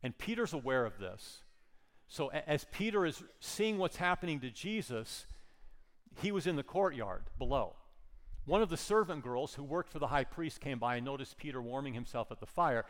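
A man's voice: medium pitch, animated, normal speed, long reverb tail. A man preaching a sermon, retelling a scripture story and pressing home his points with earnest repetition. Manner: earnest, repeats words, rises to emphatic points. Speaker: pastor.

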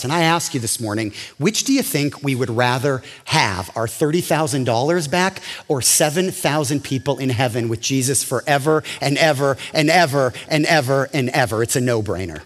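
A man preaching a sermon as a pastor, telling a personal story with animated delivery and acted-out dialogue. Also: medium pitch, moderate pace, few pauses, big-room sound.

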